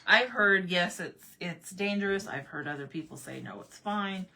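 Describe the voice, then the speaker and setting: A woman originally from Arizona telling a funny everyday story in a casual vlog, animated, repeating herself and laughing often. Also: fairly low pitch, normal speed, gravelly. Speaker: vlogger.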